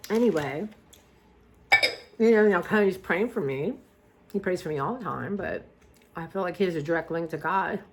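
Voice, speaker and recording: A woman's voice: on the low side, moderate pace, pauses often. Rambling woman vlogger. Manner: rambling, trails off and restarts often. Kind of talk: casual chat.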